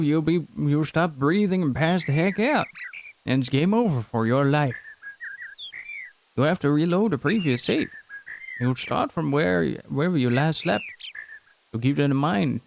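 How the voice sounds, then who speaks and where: A man's voice: on the high side, animated, measured pace, vocal fry, pauses often, slight background noise, pitched above the performer's own voice. A man voicing a friendly, chatty male villager in a put-on Southern American accent, reading game dialogue aloud with a homey drawl. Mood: chummy. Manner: drawling, homey, calls listener buddy.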